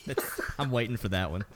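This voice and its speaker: A man hosting a casual gaming podcast, laughing often and rambling in a relaxed way. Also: lowish voice, very noisy. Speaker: podcast host.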